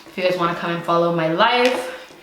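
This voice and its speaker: Young woman, breathless, chatty, slangy, low-ish voice, echoey room. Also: fairly quick, a bit bright, slight background noise. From California. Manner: chatty, slangy, eating while talking. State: out of breath, pregnant. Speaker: YouTube host. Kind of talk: casual mukbang chat.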